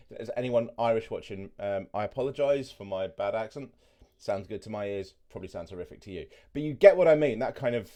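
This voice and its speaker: A man hosting a casual reaction video, excitable and thinking out loud, with frequent swearing. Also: lowish voice, fairly quick.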